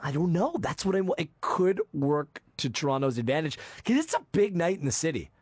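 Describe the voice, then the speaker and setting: Jokey sports podcast host. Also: male voice, fairly high pitch, sing-song, husky, no echo, clean studio sound. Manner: quick, jokey, teasing. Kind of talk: casual sports podcast chat.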